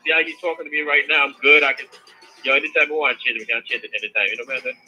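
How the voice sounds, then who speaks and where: A man's voice: medium pitch, fairly even intonation, very fast, bright, forceful tone, soft background music. A man calling in to a casual sports talk show, laid-back and easy with laughter, heard over a dull, muffled call line. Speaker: caller. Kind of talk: casual phone chat.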